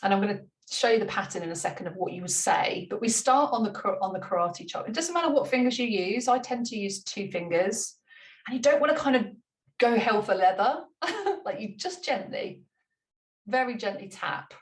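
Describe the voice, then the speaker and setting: A woman's voice: mid-range voice, animated, fairly quick. Woman coaching in a roomy room. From United Kingdom. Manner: light-hearted, laughs at herself, repeats gentle instructions. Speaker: money mindset coach. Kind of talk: chatty tapping demonstration. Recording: roomy room, mic at a distance.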